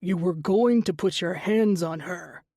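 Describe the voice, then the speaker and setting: A woman's voice: a little slow, mellow, no echo, studio quality. A woman reading the part of a brooding young male shapeshifter commander who snaps and growls, in an audiobook. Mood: irritated. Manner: gruff, snapping, growled low.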